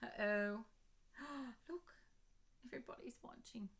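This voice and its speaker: A woman reading her picture book aloud to children, animated and asking her listeners questions. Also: fairly high pitch, takes it slowly, gravelly.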